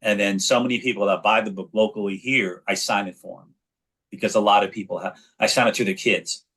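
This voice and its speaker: A man's voice: on the low side, brisk, slightly rough. A man in his forties from New York, telling stories animatedly as an interview guest. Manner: animated storyteller, frequent restarts. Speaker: guest, actor and children's author. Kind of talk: casual interview chat.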